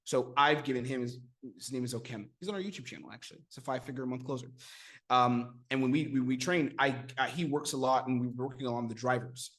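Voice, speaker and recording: Energetic American sales coach, man. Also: mid-range voice, quick pace. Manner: energetic, addresses viewers as guys, acts out sales-call dialogue. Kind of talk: teaching sales technique to camera.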